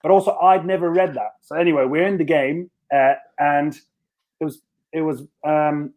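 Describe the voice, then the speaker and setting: A man's voice: on the high side, fairly even intonation, moderate pace, darkish tone. A man who played rugby, telling a long story in a casual podcast chat, rambling and self-mocking with lots of restarts. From Scotland. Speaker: podcast guest, former rugby winger.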